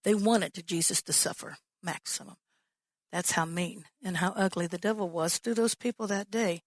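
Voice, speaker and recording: A woman pastor preaching a sermon, telling the story with lively acted-out quotes. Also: lowish voice, normal speed, dry recording. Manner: animated storytelling, acts out quoted voices.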